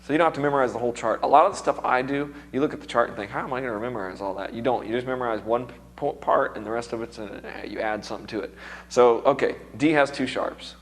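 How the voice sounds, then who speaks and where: A man's voice: mid-range voice, fast talker, slight background noise. A man with a strained, recovering voice, teaching music theory to a seminar class in a casual, chatty way and quizzing the students.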